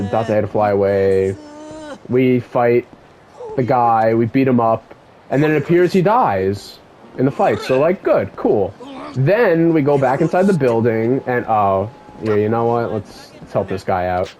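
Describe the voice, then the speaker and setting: Rambling, excitable young gamer guy. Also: medium pitch, unhurried, a little hiss or hum, rough recording. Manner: rambling, profane, excitable asides. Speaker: let's play gamer. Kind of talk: casual game story recap.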